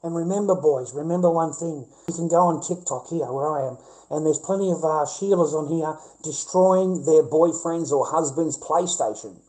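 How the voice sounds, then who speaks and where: A man's voice: on the high side, normal speed, few pauses, a little mellow, poor audio. An older Australian man ranting on a phone livestream, swearing and repeating himself for emphasis. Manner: repetitive, profane and emphatic. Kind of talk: livestream rant.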